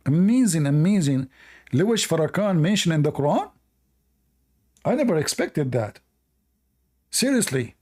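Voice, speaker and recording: A man's voice: on the high side, big pitch swings, measured pace, pauses often, dark tone. A man hosting a live call-in debate, mocking and scornful toward the caller. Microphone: online call.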